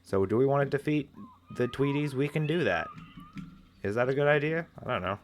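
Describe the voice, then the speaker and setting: A man's voice: medium pitch, expressive, brisk, slight background noise. Rambling, playful man doing game commentary. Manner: rambling, playful, often restarts sentences. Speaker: gameplay commentator. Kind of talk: casual let's-play commentary.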